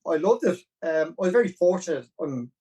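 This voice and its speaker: Lively Dublin man telling stories. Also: fairly high pitch, brisk, husky, distant mic, rough recording. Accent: Dublin Irish. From Ireland. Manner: animated, self-deprecating storyteller. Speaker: podcast guest, marathon runner. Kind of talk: casual storytelling interview.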